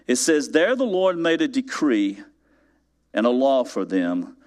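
A man's voice: medium pitch, unhurried. A man preaching a sermon in church, telling a story with mounting emphasis and asking his congregation rhetorical questions. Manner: animated storytelling, builds to loud emphatic peaks. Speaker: pastor.

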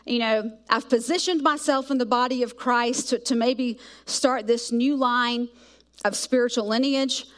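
A middle-aged woman from South Georgia, preaching a sermon full of animated personal stories. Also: a little high, a little slow. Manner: animated storytelling, acts out voices of herself and kids.

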